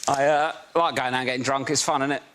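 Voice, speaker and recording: A man's voice: mid-range voice, fairly even intonation, fast. A man in his thirties doing a stand-up routine, chatty and full of tag questions. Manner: conversational, with frequent tag questions. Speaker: stand-up comedian. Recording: loud background hiss.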